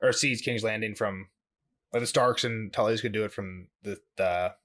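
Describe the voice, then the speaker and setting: A man co-hosting a podcast, recapping a book chapter in loose casual chat, full of "like" and quick laughs. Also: on the low side, steady tone, fairly bright tone. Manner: rambling, heavy use of "like", laughs often. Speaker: podcast co-host.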